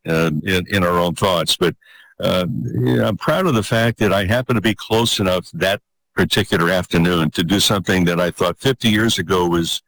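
An older man telling a personal story in an interview, earnest and halting, repeating words as he gathers his thoughts. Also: sits low, a bit bright, poor audio.

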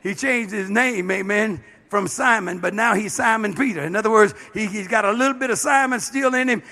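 A man's voice: high-pitched, fairly quick, bright, forceful tone. A man, a bishop, preaching a sermon with passion, dropping frequent amens and calling out to the congregation. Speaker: bishop and pastor.

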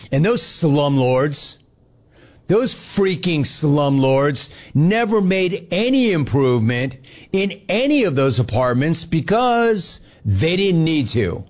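Animated middle-aged male radio host. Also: fairly high pitch. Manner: animated storytelling, mimics others in dialogue. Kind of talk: casual talk radio monologue.

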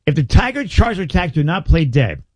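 Husky, lively male radio co-host. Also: a little high, no room sound. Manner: quick reactions, playful mock voices. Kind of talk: casual radio banter. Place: radio studio.

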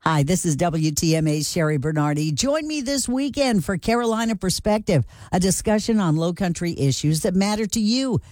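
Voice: medium pitch, moderate pace, few pauses, a little mellow, no room sound, studio quality. A radio talk show host reading a promo for a weekend show in a plain, friendly way. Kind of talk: station promo read.

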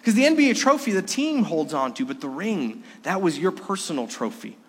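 Man preaching a sermon, earnest, tells stories, kinda high voice, lots of hall echo. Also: very animated, fairly quick, husky. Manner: earnest, storytelling, asks the listeners questions. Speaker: pastor.

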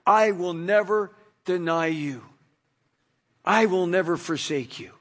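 A man's voice: high-pitched, takes it slowly, long reverb tail, voice pushed down. A man voicing a scared, blustering adult male disciple who swears he never knew his teacher. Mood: boastful.

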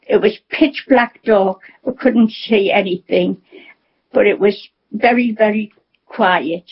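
A woman in her nineties from England, recalling events in a halting, plainspoken way during a radio interview. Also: medium pitch, slightly rough. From North East England. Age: 90s. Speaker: interviewee, war survivor. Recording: dull lo-fi broadcast audio.

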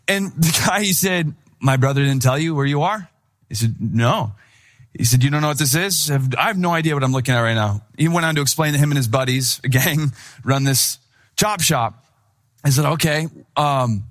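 A man's voice: fairly high pitch, brisk, fairly bright tone. Casual storytelling young male pastor. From Wisconsin. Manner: casual storytelling, acts out quoted dialogue. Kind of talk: sermon with personal story.

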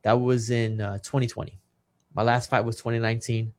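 Man, middle-aged, earnest, emotional storyteller, mid-pitched voice, acts out quoted lines. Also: level tone, fairly quick. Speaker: retired professional boxer, guest. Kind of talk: personal storytelling in conversation.

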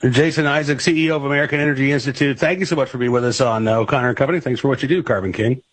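A man's voice: mid-range voice, fairly even intonation, very fast. A man hosting a radio talk show, interviewing a guest and asking questions with many fillers and repeats.

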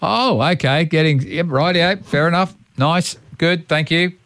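A man's voice: on the high side, unhurried, fairly bright tone, dry recording. A man with an Australian accent hosting breakfast radio, chatting and joking with a caller. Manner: chatty, jokey banter. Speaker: radio host. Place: radio studio. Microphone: studio microphone.

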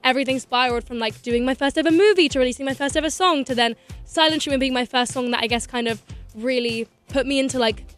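A young woman talks in a bubbly, excitable rush, her voice pitched high. She chats casually as a guest in a radio studio, peppering her sentences with "like". Faint music sits low behind her. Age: young adult. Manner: bubbly, excitable, quick laughs, lots of "like". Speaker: singer and actress guest. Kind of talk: casual chat.

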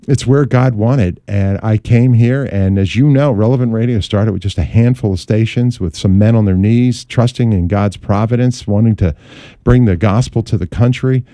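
A middle-aged man, a talk radio host, telling his career story in an interview with lively storytelling and voiced quotes. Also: on the low side, dry recording.

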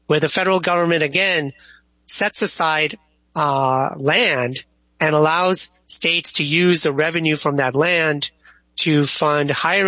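A man, a history professor, explaining history as an interview guest in a thoughtful, measured way with small restarts. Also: a little high, sharp tone, no echo, rough recording.

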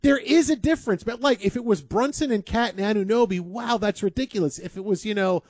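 High-pitched male co-host, rambling sports banter, dry close sound. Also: fast, no room sound. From Detroit area. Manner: animated, rambling, repeats words. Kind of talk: casual banter.

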